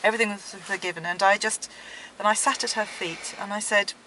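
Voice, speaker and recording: A middle-aged woman, interviewed, recounting her dreams in a gentle, earnest way. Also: mid-range voice, fairly even intonation, fairly quick, a little hiss or hum, poor audio. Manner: gentle, earnest storytelling with soft laughs.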